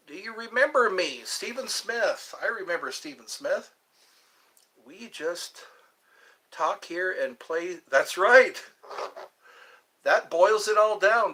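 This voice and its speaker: A man's voice: a little high, pushed and bright, slightly rough. A man hosting a live stream in a casual chat, joking around playfully and answering viewers' questions aloud.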